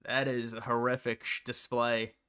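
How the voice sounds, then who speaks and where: A man's voice: mid-range voice, completely flat delivery, moderate pace, pushed and bright, clean tone. Rambling man hosting a livestream. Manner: rambling, answers viewers' comments. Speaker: livestream host. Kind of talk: casual livestream chat.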